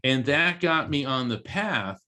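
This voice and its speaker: A man's voice: a little high, animated, unhurried, pushed and bright. A man from East Coast Florida, a medium and author, telling a personal story as an interview guest and acting out the voices of the people in it. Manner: earnest, acts out quoted voices in his story.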